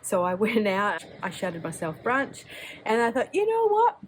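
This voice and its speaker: A woman's voice: mid-range voice, a little slow, fairly bright tone, a little hiss or hum, low-quality recording. An Australian woman chatting casually as she swatches fountain pen inks, rambling and chatty, sometimes breaking into bits of song. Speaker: fountain pen ink vlogger.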